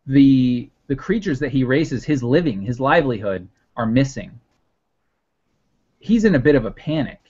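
Male game master, mid pitch, loose rambling narration, muffled lo-fi sound. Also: expressive, normal speed, a little mellow, slightly rough. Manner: rambling, many fillers and restarts. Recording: dull lo-fi recording.

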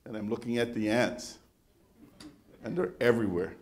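A male pastor preaching a sermon in a conversational, animated storytelling manner, often restarting his phrases. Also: medium pitch, normal speed.

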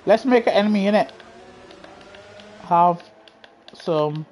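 A man's voice: high-pitched, takes it slowly, darkish tone. A young man, streaming live racing gameplay and teasing the players in his lobby, laughing often and full of slang. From England. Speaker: gaming streamer.

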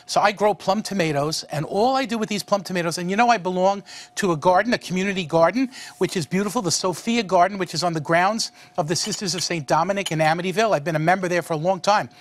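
A man's voice: high-pitched, fast. A man hosting a cooking show, chatting folksily while he cooks. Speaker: cooking show host, a monsignor.

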